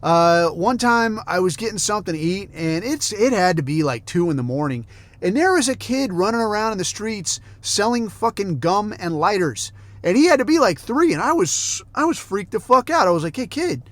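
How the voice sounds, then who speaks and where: A man's voice: high-pitched, expressive, normal speed, dry recording. A middle-aged man hosting a podcast, telling rambling stories in a casual, heavily profane rant. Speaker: podcast host.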